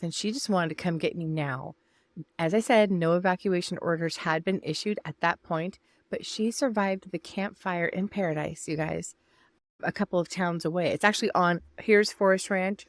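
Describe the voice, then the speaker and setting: This older vlogger from Northern California has a fairly low-pitched voice, recorded without any room sound. Talking to camera, she tells a personal story chattily and emotionally, addressing her audience as "you guys" and "y'all."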